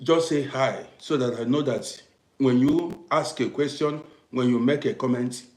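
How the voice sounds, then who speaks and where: Speaking in African English, a male livestream host addresses his viewers with emphasis, checking again and again with "do you understand me." His mid-range voice keeps a measured pace, dropping quiet then erupting loudly, and the room has an echo.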